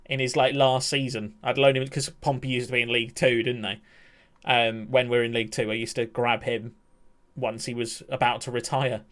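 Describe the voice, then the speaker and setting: A young man talks through a live game stream in a loose, chatty way. He laughs a lot and slips into mock-outraged rants. His voice sits at a middle pitch for a man. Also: level tone, a little fast, fairly bright tone. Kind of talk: casual live-stream commentary.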